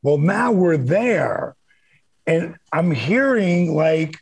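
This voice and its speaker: Gravelly middle-aged man, animated storyteller. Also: on the high side, drawn-out words, no echo. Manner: animated, repeats words when excited. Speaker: co-host, former wrestler. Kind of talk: casual storytelling.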